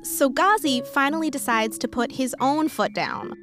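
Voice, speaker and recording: A woman hosting and narrating a radio story in a measured, scripted storytelling delivery, with music playing underneath. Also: high-pitched, big pitch swings, a bit bright. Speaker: host and narrator.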